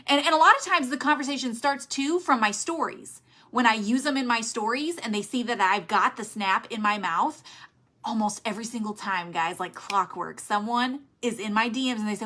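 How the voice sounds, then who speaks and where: A woman giving motivational sales coaching in an energetic, emphatic way, telling listeners what to do. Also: on the high side. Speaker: network marketing sales trainer.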